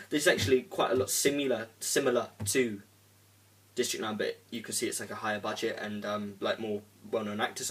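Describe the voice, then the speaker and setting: Young man, casual film review, rambling with fillers, occasional swearing, average pitch, slightly distant mic. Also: a bit bright. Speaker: movie reviewer.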